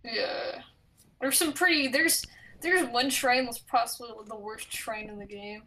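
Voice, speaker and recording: A woman chatting casually on a gaming stream, telling stories in a lively way. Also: a little high, measured pace, recorded from a distance, low-quality recording. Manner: chatty, animated storytelling.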